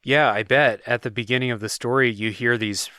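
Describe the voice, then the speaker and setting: Here the podcast host talks a little fast in a mid-range voice, casually walking through a game's story with a laid-back tone and plenty of "like"s and fillers. The sound is dry and studio-clean.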